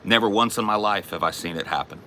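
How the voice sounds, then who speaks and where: A man's voice: on the low side, fast talker, pushed and bright, slight background noise. A man hosting a comedy show, taunting and profanely ranting in an aggressive, confrontational way. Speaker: comedy podcast host. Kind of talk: aggressive comic rant.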